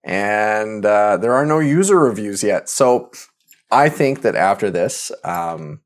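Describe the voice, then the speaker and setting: A man co-hosting a casual podcast, easygoing and quick to laugh as he asks for ratings. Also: lowish voice, lively intonation. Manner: easygoing, laughs often, leads the segments. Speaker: podcast co-host asking for ratings. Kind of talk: casual chat.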